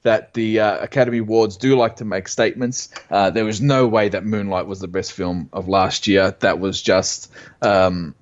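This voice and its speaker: A man with a lowish voice co-hosts a movie podcast in casual chat. He gives his picks at length, in an earnest way with plenty of fillers. The recording sounds a bit dull and muffled. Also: steady tone, normal speed. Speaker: podcast co-host.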